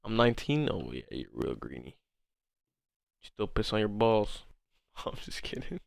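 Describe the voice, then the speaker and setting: A man's voice: lowish voice, big pitch swings, moderate pace, vocal fry, dry recording, clean studio sound. A man in his twenties hosting a trading livestream, reading chat and bantering casually, laughing hard and swearing a lot. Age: 20s. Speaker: forex livestream host.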